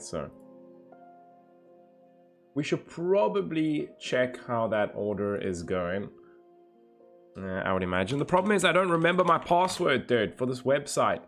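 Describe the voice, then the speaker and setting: A man's voice: medium pitch, very animated, normal speed, a bit bright, soft background music. A man livestreaming in a casual, laid-back way, greeting viewers by name and reading chat aloud.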